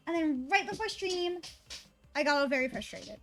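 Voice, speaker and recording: A woman's voice: high-pitched, lively intonation, moderate pace, fairly bright tone, soft background music. A woman streamer chatting casually and rambling, swearing freely and talking to her dog between thoughts.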